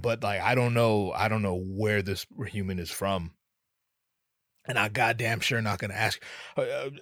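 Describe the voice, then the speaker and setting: A man with a fairly low voice talks through a rambling comic podcast monologue, cursing freely and jumping into impressions. He is recorded close on the mic in a dry, dead space. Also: a bit bright, dry recording. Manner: profane, joking, slips into voices. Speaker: podcast host. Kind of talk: casual comedic monologue.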